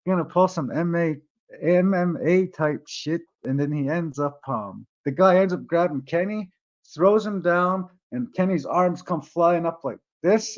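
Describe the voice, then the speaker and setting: Man, casual rambling storyteller, profane, tags lines with "eh", fairly high voice, dull lo-fi sound. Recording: dull lo-fi recording.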